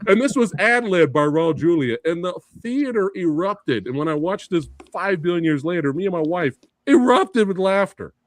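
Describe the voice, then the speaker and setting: Middle-aged male co-host, animated and quick to laugh, slightly high voice, dry close sound. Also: dry recording. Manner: animated, laughing often, quoting lines. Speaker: podcast co-host. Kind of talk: casual movie debate chat.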